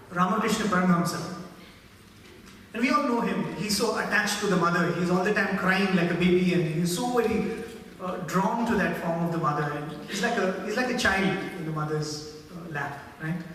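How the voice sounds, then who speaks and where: High-voiced man in an echoey hall. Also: slight background noise. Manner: animated storyteller, reverent. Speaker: spiritual speaker. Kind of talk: devotional talk with storytelling. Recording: echoey hall heard from far off.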